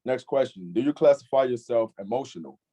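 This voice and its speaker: A young man hosting a casual online youth discussion, laid-back and filler-heavy, often agreeing with a quick "facts.". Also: mid-range voice, animated, mellow, slightly rough. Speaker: youth group discussion host.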